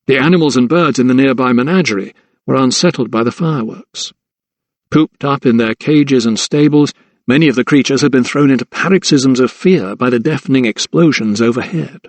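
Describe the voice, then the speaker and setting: A man narrating a historical mystery audiobook in a measured, suspenseful reading. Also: medium pitch, no room sound. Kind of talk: scripted narration.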